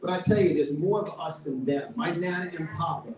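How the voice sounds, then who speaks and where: A middle-aged man with a New York accent giving a loud, passionate and combative speech at a live event. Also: fairly high pitch, a little fast. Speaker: featured event speaker. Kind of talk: fiery political speech. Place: event hall with live audience. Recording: echoey room, mic at a distance, crowd audible.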